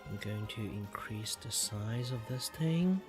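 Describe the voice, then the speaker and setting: Music plays in the background as a young man from Malaysia draws on stream and chats, rambling with frequent filler words. His intonation is lively, his pace measured, and he flips between a low voice and a higher one.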